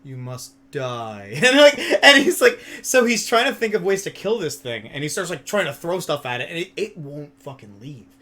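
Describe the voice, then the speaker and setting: Bright, animated young man. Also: high voice, fairly quick, hardly any pauses. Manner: animated storytelling, laughs often, swears freely. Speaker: stream co-host. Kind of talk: casual chat.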